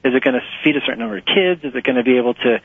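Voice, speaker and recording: Husky man on a phone line. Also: medium pitch, racing, no echo. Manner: animated, laughs often, acts out quotes in a raised voice. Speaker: author and nonprofit fundraising guest. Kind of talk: conversational interview answers. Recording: muffled phone-line audio.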